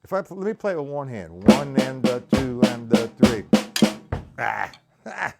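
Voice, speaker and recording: A man's voice: medium pitch, big pitch swings, brisk, over loud music. A man giving a live-streamed drum lesson, counting beats aloud and greeting his viewers between examples. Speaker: drum teacher. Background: drums played while talking.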